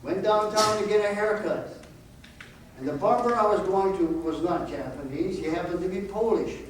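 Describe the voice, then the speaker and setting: Elderly man speaking in an echoey hall. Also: high-pitched. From United States. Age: 80s. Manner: earnest, repeats rhetorical questions. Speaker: guest speaker. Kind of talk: personal storytelling talk. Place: college auditorium. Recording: echoey hall from far off, faint noise.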